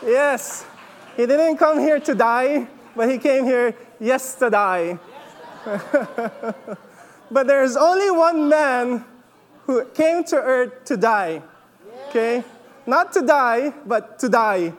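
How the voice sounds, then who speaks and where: A man leading a church service, preaching in a relaxed, joking way and often checking in with the congregation. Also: extremely high pitch, slow, pauses often, long reverb tail, slight background noise. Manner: chatty, laughs often, checks in with "okay?". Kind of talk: casual sermon with jokes. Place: church hall.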